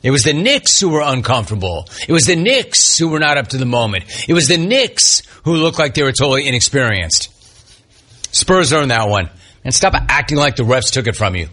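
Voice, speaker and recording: Male sports radio host, husky and bright, punchy and opinionated, faint music underneath. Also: medium pitch, sing-song, fairly quick. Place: radio studio.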